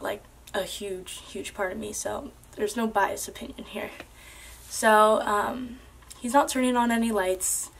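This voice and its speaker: A young woman earnestly telling a personal story to camera, casual and full of "like" and "um". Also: medium pitch. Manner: earnest, with many fillers like "like" and "um".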